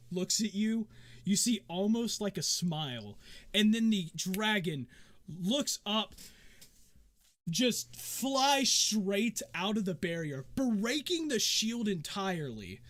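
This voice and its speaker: Man, game master, high voice, bright tone, casual rambling narration. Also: big pitch swings, slow.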